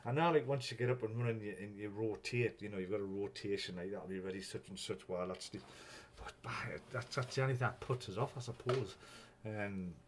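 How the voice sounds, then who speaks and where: Rambling man, low voice. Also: brisk, hardly any pauses, slight background noise. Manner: rambling, swears freely, chuckles often. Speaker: live-stream host. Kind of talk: casual live-stream chat.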